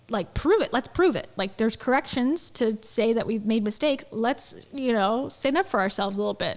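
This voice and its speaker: A woman's voice: on the high side, in a large hall. A woman co-hosting a casual commentary podcast, telling stories animatedly, swearing and laughing often. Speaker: podcast co-host and video creator.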